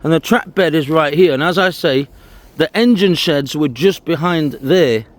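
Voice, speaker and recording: A man's voice: a little high, moderate pace. A man giving casual walking commentary to camera outdoors, pointing out sights as he goes. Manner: chatty, pointing things out while walking outdoors. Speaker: walking vlogger. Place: outdoors on a disused railway trail.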